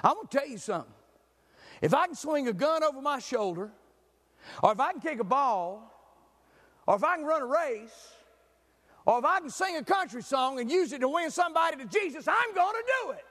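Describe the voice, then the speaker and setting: Male preacher, high and lively, storytelling sermon in a reverberant church hall. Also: fairly quick. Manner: animated storytelling, jokes with the congregation.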